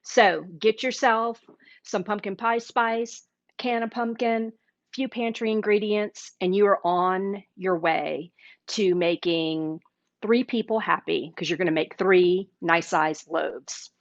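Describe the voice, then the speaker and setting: Hosting a relaxed live cooking demo, this woman talks slowly in a medium-pitched voice with fairly even intonation, chatting enthusiastically and now and then speaking through a mouthful while tasting. There's no room sound, and the livestream audio comes across dull and lo-fi.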